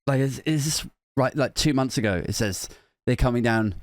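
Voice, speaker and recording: A man's voice: medium pitch, normal speed, no echo, clean studio sound. A young man hosting a podcast, telling a comic, self-mocking story in a rambling way, with lots of "like". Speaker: podcast host. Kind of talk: comic monologue.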